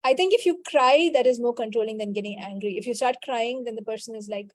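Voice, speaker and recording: A woman leads a spiritual coaching call, answering participants and repeating a quick clearing chant. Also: a little high, no echo. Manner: answers participants' questions directly, scolding gently. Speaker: healing call facilitator.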